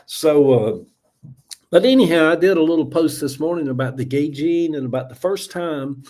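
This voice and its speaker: A man's voice: a little high, mellow. A man of seventy with a Georgia Southern accent, chatting on a casual livestream in a rambling, folksy way, thanking viewers and trailing off with many uhs. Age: 70s. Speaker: livestream host.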